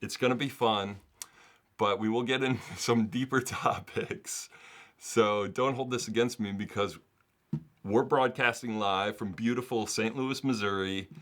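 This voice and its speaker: A sports host talks alone to his audience in a relaxed, earnest way, often breaking into small laughs mid-thought. His voice sits a little low for a man. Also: a little slow. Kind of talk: casual solo commentary to camera. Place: home setup in the US.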